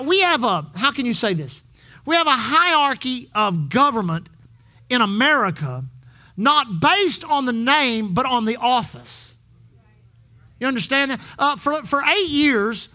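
High-pitched, lively preacher. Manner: exhorting, call-and-response with the congregation. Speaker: pastor. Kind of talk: sermon. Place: church.

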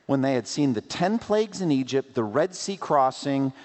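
A pastor preaches at a moderate pace, his pitch swinging up and down with energy. He fills the sermon with rhetorical questions and playful asides, and a large hall gives the sound a long reverb.

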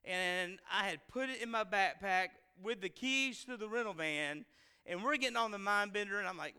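Man in his forties, high bright voice, smooth and clear, funny storytelling, long hall reverb. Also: moderate pace. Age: 40s. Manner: animated, self-deprecating, acts out quotes. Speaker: speaker addressing a live audience. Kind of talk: humorous personal storytelling.

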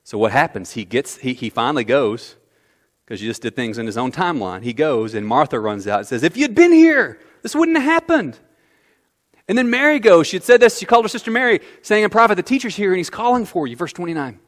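A man preaching a sermon as pastor, animated, swinging from quiet asides to loud outbursts. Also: medium pitch, quick pace. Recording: long hall reverb.

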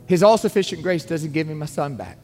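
A man's voice: fairly high pitch, expressive, brisk, a little mellow. A man preaching a sermon as pastor, earnest and emphatic, pleading with his listeners. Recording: long reverb, faint music underneath.

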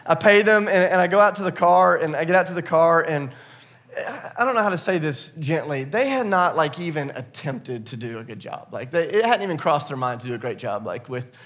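A man's voice: a little high, fairly quick. A man preaching a sermon, telling a personal story in a conversational, self-deprecating way before moving into scripture. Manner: conversational, self-deprecating, animated retelling with laughs. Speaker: pastor.

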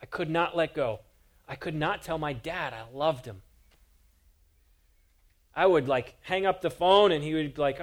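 A man's voice: on the high side, a little slow. A man preaching a sermon as a pastor, earnest and emphatic, driving his points home with repeated rhetorical questions.

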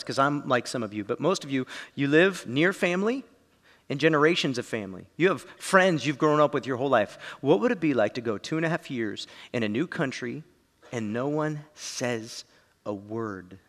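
A man's voice: medium pitch, expressive, moderate pace, fairly bright tone. Earnest male pastor in a hall. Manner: earnest, addresses the congregation directly. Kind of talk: sermon. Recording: long reverb of a large hall.

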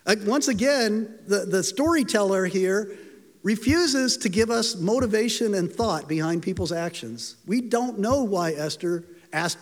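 A man's high, light voice echoes at length through a hall as he preaches, animated and at normal speed. He tells the story with emotion and dramatizes the quotations.

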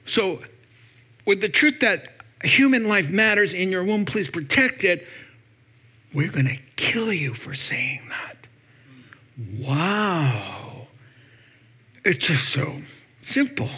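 Preacher guy doing a sarcastic sermon, kinda high bright voice, laughs a lot, muffled lo-fi sound. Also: slow, long pauses, husky. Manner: sarcastic, animated, laughing often. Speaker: pastor.

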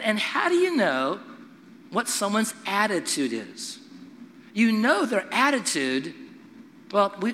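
A middle-aged man preaching a sermon to a congregation, telling stories and acting out voices in an animated way. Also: high-pitched, in a large hall. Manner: animated storytelling with acted-out voices. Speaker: pastor.

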